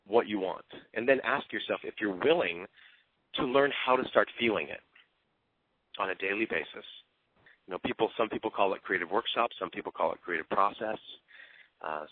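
A man's voice: on the low side, slightly rough, dry recording. A man giving an earnest, openly emotional motivational talk as a team coach. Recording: tinny phone-line sound.

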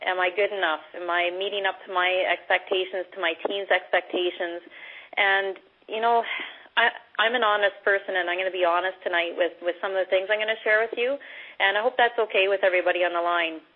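A middle-aged woman from Canada giving a motivational talk as a guest speaker, loud, direct and upbeat. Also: medium pitch, fairly even intonation, fairly quick. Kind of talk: motivational talk on a conference call. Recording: phone-line conference call.

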